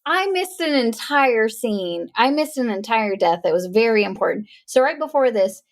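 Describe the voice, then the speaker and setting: A woman's voice: on the high side, expressive, normal speed, no echo. A woman co-hosting a podcast, chatting casually and frankly about a movie with some swearing. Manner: chatty, retelling with acted quotes; profane, frank. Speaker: podcast co-host.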